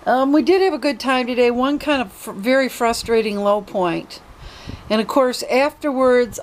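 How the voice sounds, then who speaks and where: A woman's voice: a little high, moderate pace, low-quality recording. A woman vlogger telling a story casually and retelling quoted dialogue in her own talk.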